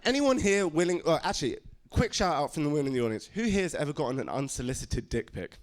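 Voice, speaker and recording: A man's voice: a little high, very animated, fast. A man doing a stand-up comedy set in a club, chatty and crude, slipping into put-on voices.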